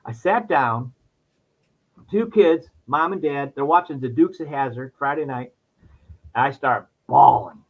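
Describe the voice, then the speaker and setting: Man, mid-range voice, animated podcast storyteller, slightly muffled audio. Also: measured pace. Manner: animated storyteller, voice jumps high when acting out his past self. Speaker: podcast guest. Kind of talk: storytelling in casual chat.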